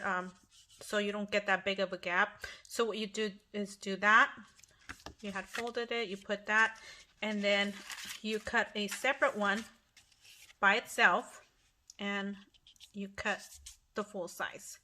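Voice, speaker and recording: A woman's voice: medium pitch, bright, forceful tone. A middle-aged woman hosting a casual craft tutorial at home, chatty and apologetic, often restarting her sentences. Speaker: craft channel host.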